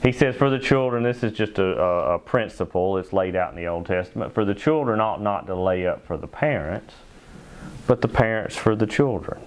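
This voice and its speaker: A man preaching a sermon as pastor in a church, emphatic, slowing down to stress key phrases. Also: lowish voice, animated. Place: church sanctuary.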